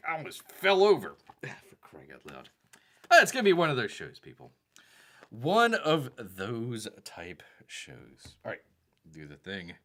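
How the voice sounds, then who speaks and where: A Southern-accented man rambles through a casual live stream, reading viewer chat messages aloud and calling himself by a nickname in the third person. His voice sits fairly low and sounds pushed and bright.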